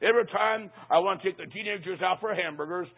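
A man voicing an earnest young male worship leader who speaks softly and politely. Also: high-pitched, quick pace, slightly rough. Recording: tinny phone-like sound.

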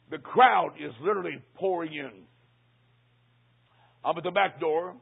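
Brief: high-pitched, gravelly male preacher, folksy comic sermon storytelling, tinny lo-fi recording. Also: brisk. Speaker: traveling preacher. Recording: tinny phone-like sound.

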